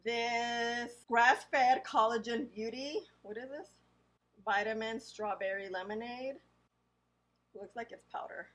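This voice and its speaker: A woman beauty vlogger talking casually, reading product names aloud slowly and adding chatty asides. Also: fairly high pitch, steady tone, fairly bright tone, poor audio. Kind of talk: casual haul unboxing.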